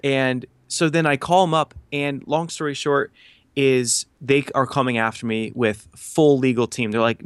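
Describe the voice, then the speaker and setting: A man in his thirties tells a story as a podcast guest, mid-pitched and animated. He acts out what people said and leans on fillers like "you know" and "like." The sound is dry and close. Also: a little slow, clean tone, dry recording. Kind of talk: casual storytelling.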